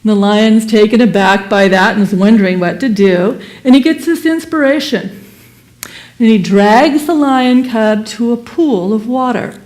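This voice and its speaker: A woman with a fairly high voice telling a parable during a Sunday sermon. She is animated and expressive, and she changes her pitch and loudness freely as the story unfolds. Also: moderate pace. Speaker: speaker at a Sunday service.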